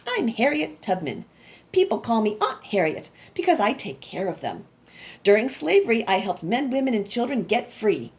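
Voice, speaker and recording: A kind, steady old woman conductor from a storybook, read by a woman. She speaks calmly and gives careful instructions. Her fairly high voice moves up and down expressively. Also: normal speed. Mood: calm, instructive.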